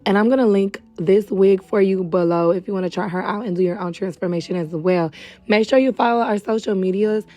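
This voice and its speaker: A young adult woman hosting a casual wig tutorial, chatty and friendly with viewers, a little hoarse and short of breath. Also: medium pitch, fairly quick, dark tone, no echo. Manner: chatty, calls viewers girl and baby. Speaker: beauty supply wig stylist host. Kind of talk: casual tutorial talk to camera. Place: indoors at home.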